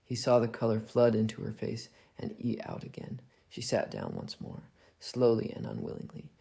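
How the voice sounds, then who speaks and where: A man reading a classic detective story aloud in a calm, soft storybook narration. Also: on the low side, moderate pace, gravelly, husky.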